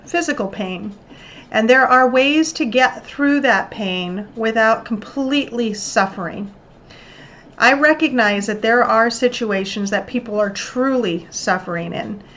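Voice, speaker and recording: Brief: woman host, self-help tips, earnest coaching delivery, somewhat high voice. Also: a bit bright. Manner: earnest, coaching tone with acted-out examples. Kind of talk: motivational self-help talk.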